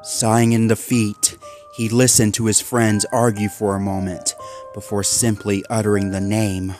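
Steady male story narrator, soft music. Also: lowish voice, normal speed. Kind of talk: storytelling reading.

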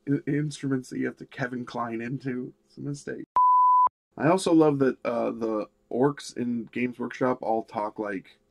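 A man hosting a miniature painting tutorial, talking in a relaxed, rambling way with many fillers. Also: mid-range voice, creaky. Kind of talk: casual tutorial narration.

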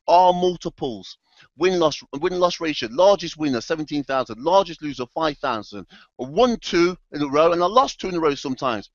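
Man, motivational trading talk, emphatic, fairly high voice, dry dull recording. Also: animated, normal speed, dry recording. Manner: emphatic, repetitive, direct address to audience. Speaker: trading educator and presenter.

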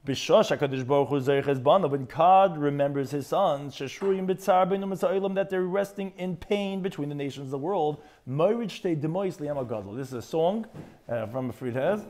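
Animated rabbi giving a Talmud class. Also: male voice. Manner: reads Aramaic phrases then translates, animated with sudden pitch jumps; frequent restarts and repeated words. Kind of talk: Talmud lecture.

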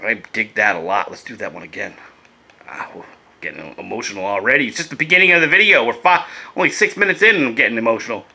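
A man's voice: mid-range voice, expressive, quick pace, gravelly, bright, forceful tone, a little hiss or hum. A laid-back man chatting casually and swearing as he reviews vape gear in a vlog, coughing now and then.

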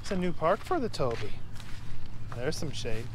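A man's voice: on the high side, sing-song, normal speed, background noise. A man outdoors in a park, talking to his dog in a coaxing, playful way, like a pal. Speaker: dog owner filming his dog. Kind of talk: casual talk to a dog.

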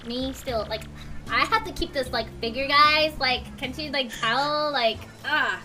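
A woman's voice: high voice, a little slow, sharp tone, faint music behind. A woman voicing a ditzy, indignant Valley Girl who peppers her talk with "like".

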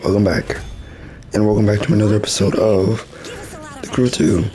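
A man hosting casual gameplay commentary, his voice hoarse and rough as if it is going out, chatting and reacting with quick exclamations while he races. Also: fairly low pitch, fairly even intonation, dark tone, slight background noise, poor audio. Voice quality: rough, smoker-like. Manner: chatty, laughs often, exclaims at the race. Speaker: gaming channel host.

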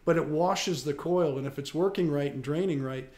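Male radio host, home repair advice, plain-spoken and methodical, slightly high pitch. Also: normal speed, dark tone. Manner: plain-spoken, explains step by step. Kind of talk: casual radio call-in advice.

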